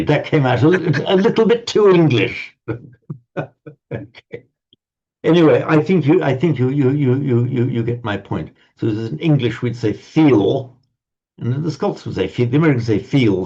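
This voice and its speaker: A man's voice: mid-range voice, dark tone, slightly rough. A man teaching a language class, lecturing in a digressive way with frequent stammered restarts and wry asides. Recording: dull lo-fi recording.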